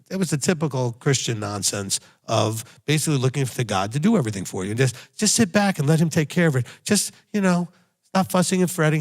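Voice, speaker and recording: A man, a rabbi, giving a sermon with blunt, emphatic exhortation and repeated key phrases. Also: on the high side. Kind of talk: recorded sermon teaching.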